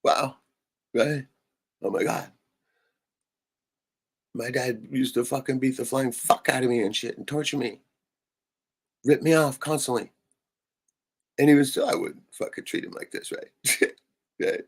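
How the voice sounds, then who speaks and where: A man's voice: medium pitch, measured pace, long pauses, breathy edge. A man on a live stream venting in a rambling way, swearing often and tagging "right?" onto his sentences. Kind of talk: casual venting monologue.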